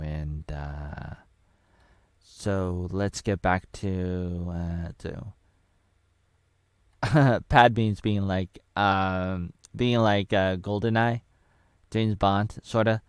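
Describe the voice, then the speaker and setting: A man's voice: sits low, steady tone, extremely slow, smooth, no echo, clean studio sound. A man in his thirties giving a casual, rambling spoken movie review in a loose, offhand way.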